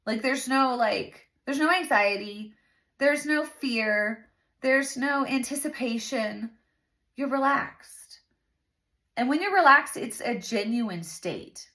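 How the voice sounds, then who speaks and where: A woman's voice: a little high, animated, takes it slowly, pushed and bright. A woman in her thirties hosting a casual faith talk, chatty and earnest, with lots of fillers. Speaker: host.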